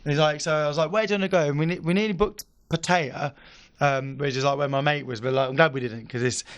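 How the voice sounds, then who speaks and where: A man's voice: fairly high pitch, steady tone, fairly quick, fairly bright tone, clear, resonant tone, highs cut off. A young man, a podcast guest telling a long story in a rambling way, full of fillers. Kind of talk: casual chat.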